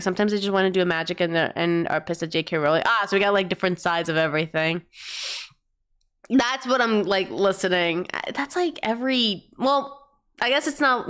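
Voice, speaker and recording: A woman streamer chatting casually to her chat while picking reaction videos, rambling, swearing offhand and breaking into excited bursts. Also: mid-range voice, smooth.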